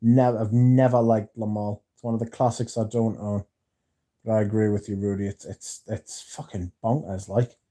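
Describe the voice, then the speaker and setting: A man's voice: lowish voice, fairly even intonation, moderate pace, warm tone. A man hosting a casual livestream, reading viewer comments aloud and swearing freely as he chats. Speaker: livestream host reading chat. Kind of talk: casual livestream chat about perfume.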